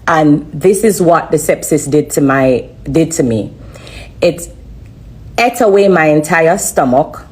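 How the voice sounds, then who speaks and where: Woman, low voice, earnest halting live-stream testimony. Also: lively intonation, a little mellow. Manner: earnest, halting, repeats herself. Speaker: livestreamer sharing a testimony.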